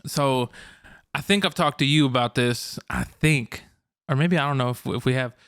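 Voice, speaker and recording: A man hosting a podcast from a home room, his voice smooth and clear at a middle pitch. He talks in a loose, rambling way, often restarting sentences and laughing between thoughts. The sound is close and dry, with no room echo. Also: moderate pace, a bit bright. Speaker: podcast host. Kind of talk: casual chat.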